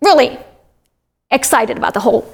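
Woman, from Florida, high voice, animated storyteller, chatty, faith testimony. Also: a little fast, vocal fry, slight background noise. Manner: animated storyteller, self-described talker. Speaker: guest sharing a faith testimony. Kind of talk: conversational testimony.

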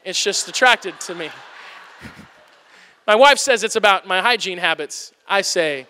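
Male pastor in his thirties, humorous sermon, self-deprecating jokes, bright voice, long church echo. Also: high voice, unhurried, long pauses. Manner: animated, joking and self-deprecating.

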